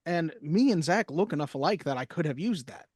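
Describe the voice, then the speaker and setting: A man co-hosting a movie podcast, chatting casually with quick jokes. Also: on the high side, expressive, darkish tone, dry recording, studio quality. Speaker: podcast co-host. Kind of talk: casual chat.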